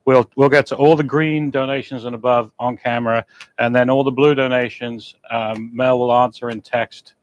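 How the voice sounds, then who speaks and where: A man's voice: mid-range voice, steady tone, normal speed, dull audio. Matter-of-fact man co-hosting a stream. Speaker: co-host reading donations.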